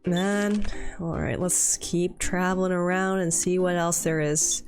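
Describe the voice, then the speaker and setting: A woman's voice: fairly low pitch, fairly even intonation, unhurried. A woman streaming a game, chatting casually, exclaiming, and reading the dialogue aloud. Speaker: let's play gamer. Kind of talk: casual gameplay commentary. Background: faint game music.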